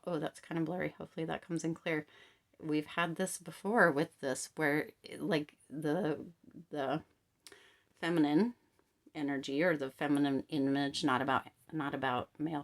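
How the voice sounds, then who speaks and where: A woman giving a casual tarot reading to camera, chatty and animated, often checking in with "right?" and "okay?". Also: fairly low pitch. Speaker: tarot card reader.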